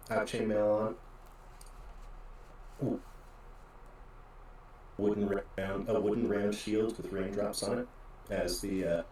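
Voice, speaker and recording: Echoey low-voiced game player man. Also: a little mellow, slight background noise. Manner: easygoing, hesitant. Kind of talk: casual chat.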